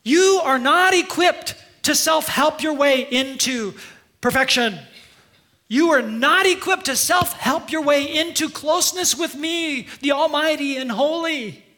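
A preacher putting on God's commanding voice. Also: male voice, very high voice, measured pace, pushed and bright, voice pushed up, heavily acted. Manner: emphatic, insistent. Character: God, stern commanding divine voice.

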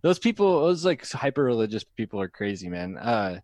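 A man's voice: medium pitch, very animated, fairly quick, darkish tone, no echo. Young guy from iowa riffing on a comedy podcast, laughs a lot, dry close sound. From Iowa, USA. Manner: laughs often, acts out quoted people. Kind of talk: casual comedic banter.

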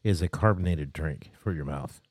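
A middle-aged man hosting a podcast, telling a story in a lively, animated way. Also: a bass voice, normal speed, no room sound, studio quality.

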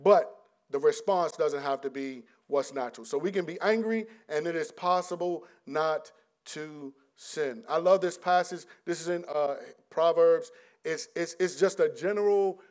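A middle-aged man preaching a conversational sermon, often restarting his sentences and swinging between loud and hushed delivery. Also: on the high side.

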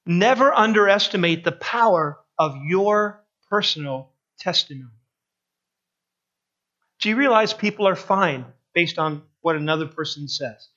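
A man preaching a sermon with emphatic builds to climaxes that then drop to a low close. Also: expressive, measured pace, pushed and bright, highs cut off.

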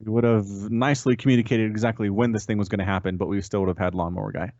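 A man co-hosting a podcast in casual, rambling chat that jumps up in pitch when he's amused. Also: steady tone, very fast, a little mellow, no room sound, highs cut off. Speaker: podcast co-host.

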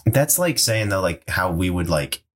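Low-pitched guy, podcast co-host, loose, rambling, swears a lot. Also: normal speed. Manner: rambling, excitable, swears casually. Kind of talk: casual chat about movies.

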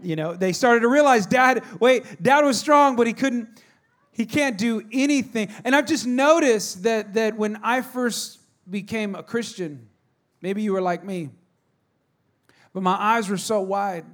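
A man in his thirties preaches a sermon in a casual, storytelling way. His voice sits high for a man, and he often restarts his sentences as he talks. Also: measured pace. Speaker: pastor.

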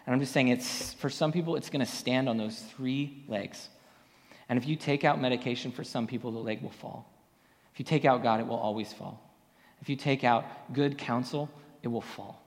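A man's voice: medium pitch, moderate pace, vocal fry. A man preaching a sermon as pastor, talking in a loose, conversational way full of ums and personal stories. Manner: conversational storytelling with many fillers. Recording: long hall reverb.

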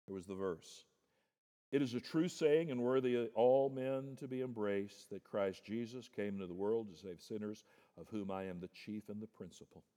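Male pastor, sermon delivery, moves from soft and low to loud and high, long hall reverb. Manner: addresses listeners as "my friend".

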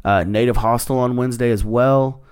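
A man's voice: medium pitch, normal speed, smooth. A man, a stand-up comedian, telling stories on a podcast in a loose, profane, laughing way. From Texas. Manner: profane, laughing, animated retelling. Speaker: guest comedian. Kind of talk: casual podcast storytelling.

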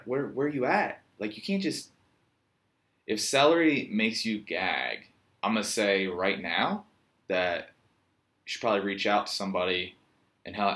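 A man's voice: deep voice, fairly bright tone. A man from Virginia with a Virginian accent, a yoga teacher telling a rambling, joking story in a casual monologue. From Virginia, USA. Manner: joking, meandering, self-mocking storyteller.

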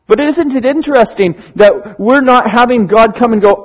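A man, a church elder, preaching a sermon in an earnest, pastoral way with slow, emphatic pauses. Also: very high-pitched, lively intonation, lo-fi sound.

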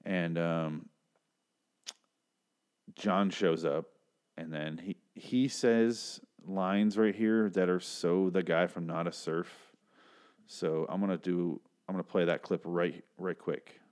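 A man's voice: sits low, steady tone, takes it slowly, darkish tone, smooth. A man hosting a casual TV episode recap, talking in a rambling, chatty way with casual swearing. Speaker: show recap host.

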